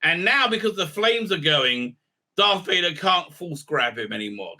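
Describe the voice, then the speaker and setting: A man gives a loose, rambling recap of a show. His voice is very bright and sits a little high for a man. He stumbles through strings of fillers and keeps a mocking, irreverent edge. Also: very animated, normal speed. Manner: hesitant, heavy on fillers, irreverent. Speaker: video reviewer.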